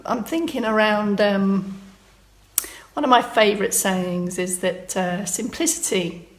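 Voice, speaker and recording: A woman, leading a live-streamed exercise class from a room at home and chatting as she reads out viewer comments. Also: a little high.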